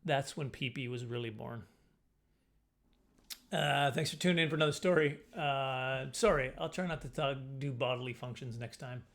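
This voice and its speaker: A middle-aged man telling a self-mocking comic story to camera in a casual, animated way. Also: normal speed, vocal fry. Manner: animated, self-mocking, jumps into high squeaky voices for his younger self. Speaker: comedian storyteller.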